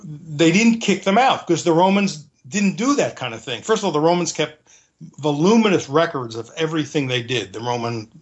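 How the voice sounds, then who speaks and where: Male interview guest with a slightly raised pitch, earnest and searching for words, restating his points as he explains. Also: animated, a little fast, lo-fi sound. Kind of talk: conversational explanation.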